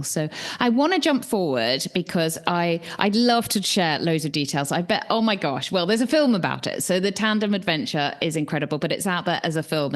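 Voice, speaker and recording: Podcast host, woman, low-pitched, enthusiastic and chatty. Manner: enthusiastic, chatty with many fillers. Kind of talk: casual chat.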